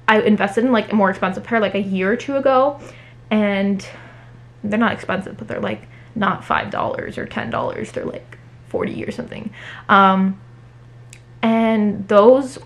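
Chatty woman vlogging a haul. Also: mid-range voice. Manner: chatty, fillers every few words. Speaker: book vlogger. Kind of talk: casual haul vlog chat. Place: home.

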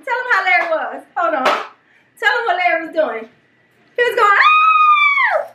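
A middle-aged woman and mother, hosting a home vlog, telling a story in an animated, excitable way. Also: very high voice, brisk, echoey room, distant mic, dull audio, very noisy. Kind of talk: casual storytelling. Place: home kitchen.

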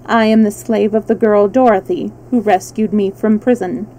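A woman voicing a loyal clockwork man who speaks slowly and stiffly in a storybook reading. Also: mid-range voice, steady tone, warm tone, slight background noise, natural voice, rough recording. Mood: dutiful.

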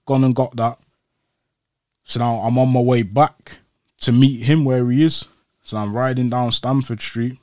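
A man tells his story in a casual interview, talking in street slang and retelling events with energy. His voice sits at an ordinary pitch and comes across close and dry, with no room echo. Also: fairly even intonation, measured pace, long pauses, a little mellow. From Old Trafford, Manchester, England. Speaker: interview guest.

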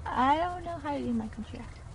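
A woman's voice: sits high, animated. A woman chatting casually and giggling outdoors on a boat. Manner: giggly, unhurried. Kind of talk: casual chat.

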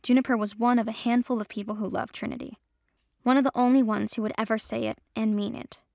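A woman narrating a romance audio drama in a steady, emotive storytelling manner. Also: fairly high pitch, fast, vocal fry, no echo, studio quality.

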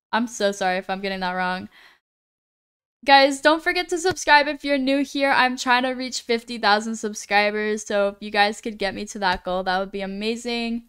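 A woman's voice: a little high, fairly bright tone, clean tone. A woman streaming live, chatting casually as she reads viewers' messages aloud, often stumbling over names and apologizing.

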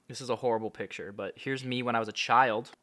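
Bright-voiced sarcastic young man. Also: medium pitch, fast, no room sound. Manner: sarcastic and animated, swinging from mumbled asides to sudden yelps. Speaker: content creator. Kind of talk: reading fan messages aloud, casual vlog.

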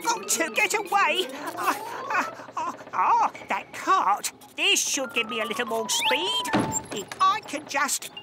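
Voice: high-pitched, big pitch swings, a little slow. An actor voicing a grumpy male dog turned into a snail in a cartoon, huffy, exasperated and sarcastic. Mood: weary. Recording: cartoon soundtrack with music behind.

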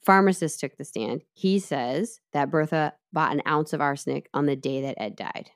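A woman with a notably low voice retells a criminal trial step by step for her co-host. She is chatty and easygoing, with plenty of asides. The delivery is casual storytelling rather than a read script. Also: normal speed. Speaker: podcast co-host telling the case. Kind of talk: casual true-crime storytelling.

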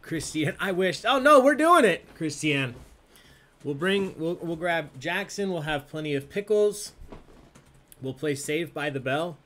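A man with a slightly high, animated, somewhat bright voice hosts a live trivia game at a measured pace. He's casual and playful, laughing often as he reads the questions and answers.

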